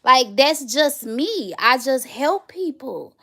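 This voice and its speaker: A woman in her thirties talks to her viewers on a casual livestream in a fairly high voice. She tells stories with animated, chatty energy, as if catching up with friends. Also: takes it slowly. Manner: chatty, animated storytelling, addresses viewers directly. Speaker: livestream host.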